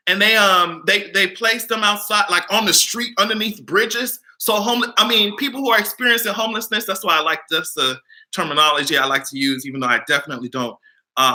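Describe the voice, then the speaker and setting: Man, livestream commentator; sharp high-pitched voice, emphatic and profane delivery. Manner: animated, emphatic, swears freely, reads out figures. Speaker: livestream host.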